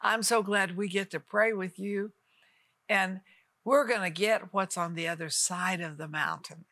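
This television minister, a woman in her 80s, leads a televised sermon and prayer, urging viewers earnestly and addressing them directly. Her mid-range voice is steady, unhurried and fairly bright. The audio is dry.

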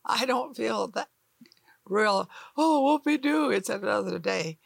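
Older female TV Bible teacher, slow and gravelly, folksy sermon delivery, dry close sound. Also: mid-range voice, fairly bright tone, no echo. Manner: folksy and emphatic, acts out doubters' voices.

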